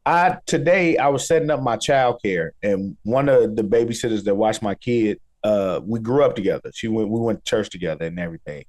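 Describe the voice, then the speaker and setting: A man with a Chicago accent chatting casually as a podcast guest, easygoing and relaxed. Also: on the low side, fairly quick, few pauses. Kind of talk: casual chat.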